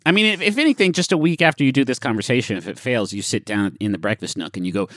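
A man's voice: mid-range voice, lively intonation, fast talker, hardly any pauses, a bit bright, dry recording, clean studio sound. A man co-hosting a comedy podcast, reading advice aloud with jokey asides and casual swearing. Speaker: podcast co-host.

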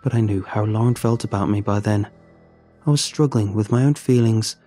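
Husky male storyteller, earnest. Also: on the low side, moderate pace, mellow, faint music behind. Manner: earnest and emotional. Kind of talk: first-person story narration.

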